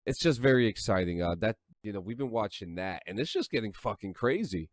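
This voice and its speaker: A man's voice: fairly low pitch, very animated, fairly quick, no room sound, studio quality. A man co-hosting a podcast, talking in a laid-back, chatty way with lots of fillers. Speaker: podcast co-host. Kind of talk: casual podcast chat.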